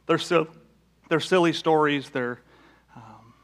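A male pastor delivering a relaxed, story-driven sermon in a somewhat high voice. He speaks casually, hesitating now and then and restarting his sentences as he leads into his points. The tone is informal and close to everyday conversation. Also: slow.

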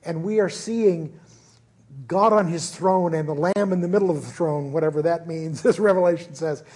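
Pastor, man, earnest informal sermon talk, often restarting, high husky voice. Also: normal speed, a little mellow. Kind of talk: conversational sermon. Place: church service.

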